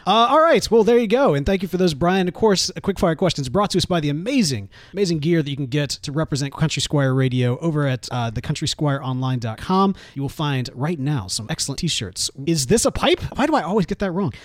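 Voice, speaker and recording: A man with a Southern US accent, co-hosting a podcast in animated, joking banter with frequent laughs. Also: a little high, a little fast, hardly any pauses, no room sound, studio quality. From American South. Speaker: podcast co-host.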